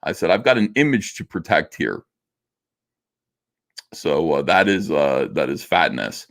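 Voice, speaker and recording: A middle-aged man with a very deep, gravelly voice hosts a casual livestream, reading viewers' super chats aloud. He answers them in a loose, joking way full of fillers, sounding very animated yet unhurried.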